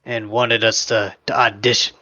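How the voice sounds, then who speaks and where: A man playing in a tabletop game, recapping the last session in a slow, hesitant way with many fillers. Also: fairly low pitch, level tone, bright, forceful tone, no echo, muffled recording, faint music behind. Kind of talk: casual recap.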